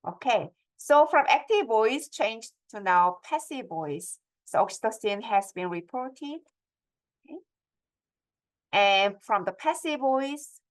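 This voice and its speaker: A middle-aged woman gives a step-by-step lecture on academic writing and keeps checking in with her audience through questions. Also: mid-range voice.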